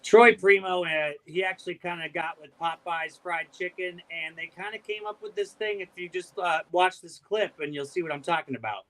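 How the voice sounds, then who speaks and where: A man's voice: high-pitched, moderate pace, hardly any pauses, fairly bright tone, low-quality recording. A man hosting a casual podcast, introducing segments and questions in a loose way, with "uh" and repeated words. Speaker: podcast host.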